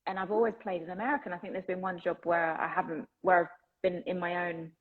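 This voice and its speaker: An English-accented actress, interviewed in a casual chat, talks enthusiastically and laughs often. Her voice is lowish and steady, her pace quick, and the sound has a phone-like quality.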